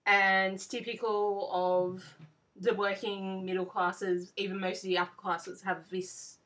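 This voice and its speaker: A woman in her twenties with an Australian accent, talking slowly and haltingly with many ums while recording herself at home on a computer. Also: medium pitch, level tone, a bit bright, distant mic. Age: 20s. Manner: slow and halting, with frequent ums. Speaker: vlogger. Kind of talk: casual monologue reading a word list. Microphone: built-in computer mic.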